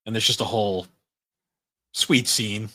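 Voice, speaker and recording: A man with a lowish voice co-hosts a podcast in loose, relaxed chat. He rambles through plenty of fillers and laughs often, and the recording sounds dry and close. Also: measured pace, no room sound. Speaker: podcast co-host. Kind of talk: casual chat.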